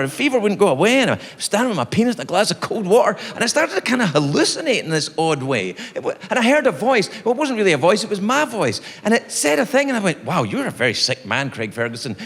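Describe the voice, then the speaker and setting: Animated Scottish comedian on a stage. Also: male voice, vocal fry. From Scotland. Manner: animated, exaggerated, swinging between loud outbursts and low asides. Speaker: stand-up comedian. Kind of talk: stand-up comedy storytelling. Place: theater stage before a live audience. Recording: long hall reverb, audience noise. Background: audience laughter.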